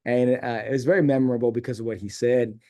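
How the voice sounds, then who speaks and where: A man's voice: mid-range voice, fast talker. A middle-aged man from San Diego telling a long personal story as a guest in a casual interview, acting out the voices of people he quotes. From San Diego, California. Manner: rambling, animated storyteller who acts out quoted dialogue.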